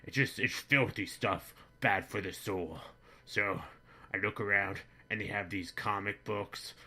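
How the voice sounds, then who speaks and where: A man's voice: lowish voice, measured pace, exaggerated voice. A man playing a boorish, bigoted middle-aged dad who rambles crudely through a comedic monologue. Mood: blustering. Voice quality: bright-toned, rambling, crude. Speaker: comedy vlogger in character.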